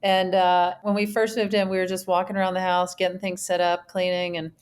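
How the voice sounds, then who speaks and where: A woman's voice: fairly low pitch, flat delivery, brisk, clean tone. Dry-storytelling middle-aged woman. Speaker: podcast co-host. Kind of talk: casual storytelling chat.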